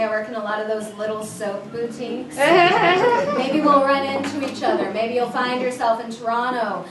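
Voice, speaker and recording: A woman's voice: high voice, heavy background noise. A woman in her thirties doing a stand-up comedy set on stage, with a dry, self-deprecating delivery. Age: 30s. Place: comedy club stage with audience laughter. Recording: echoey room, distant mic, loud ambience. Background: audience laughter.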